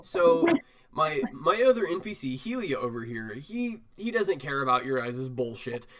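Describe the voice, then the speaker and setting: A man narrating as game master of a tabletop game, animated and rambling, laughing often. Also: medium pitch, moderate pace.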